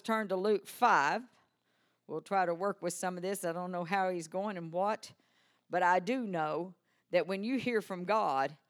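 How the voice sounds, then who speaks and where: An older woman preaching a sermon full of personal stories, swinging from hushed asides to loud, animated exclamations. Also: mid-range voice.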